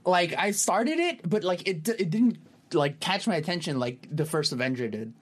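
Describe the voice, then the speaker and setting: A man co-hosting a casual podcast, animated, his voice swinging high and low, swearing casually. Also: moderate pace. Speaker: podcast co-host. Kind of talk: casual chat.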